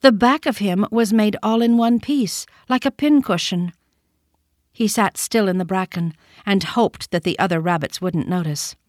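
A woman narrating a children's storybook in a gentle, measured reading. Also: medium pitch, no room sound, studio quality.

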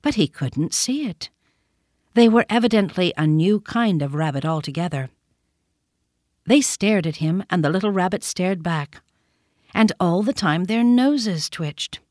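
A woman's voice: fairly low pitch, lively intonation, a little slow, darkish tone, no echo. Woman reading a storybook, dry close sound.

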